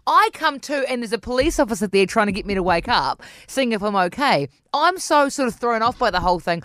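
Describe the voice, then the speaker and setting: Lively New woman telling a story. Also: a little fast, hardly any pauses, dry recording, clean studio sound. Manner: lively, acts out her own quotes in a higher voice. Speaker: podcast host. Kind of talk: animated storytelling chat.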